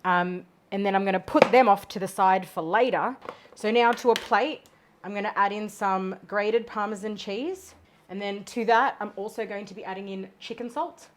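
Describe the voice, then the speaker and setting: A woman's voice: medium pitch, normal speed, a little hiss or hum. Cheeky sweary Australian woman. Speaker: cooking vlogger. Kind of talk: casual cooking tutorial.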